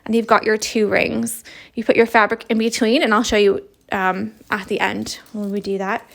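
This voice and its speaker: Speaking at a normal speed with a medium-pitched voice that barely moves in pitch and has some vocal fry, a young woman from Canada leads a relaxed embroidery lesson. She is upbeat and chatty, explaining the craft one step at a time.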